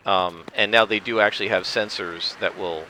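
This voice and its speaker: A man talks casually over his own gameplay with a bright, forceful tone and a slightly low voice. He explains rules at length, rambling with restarts and now and then clearing his throat. A faint hiss sits under the recording. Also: fairly even intonation, moderate pace. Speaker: gameplay commentator. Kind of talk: casual let's-play commentary.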